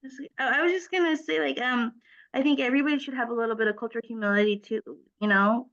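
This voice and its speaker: Quick high-voiced woman telling a story. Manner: quick, animated storytelling with many "you know"s. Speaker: student. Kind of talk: class discussion, anecdote. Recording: dull lo-fi recording from a distance.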